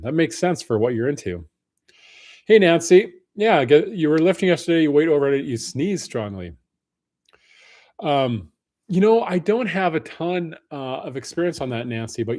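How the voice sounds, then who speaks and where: Guy chatting on a livestream, friendly, shouting out viewers by name. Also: mid-range voice. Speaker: livestream host. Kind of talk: casual live Q&A chat.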